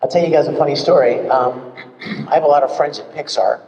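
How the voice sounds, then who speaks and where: Male voice actor as panel guest, animated storyteller, a touch high, recorded far from the mic in a reverberant hall. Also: brisk. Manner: animated, acts out examples with big swings. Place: convention panel room.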